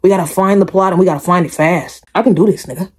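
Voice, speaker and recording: A woman's voice: fairly low pitch, fast talker, breathy edge. A woman hosting a reaction video, chatting casually and emphatically to her viewers and repeating her points. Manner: animated, emphatic, repeats herself, addresses viewers directly.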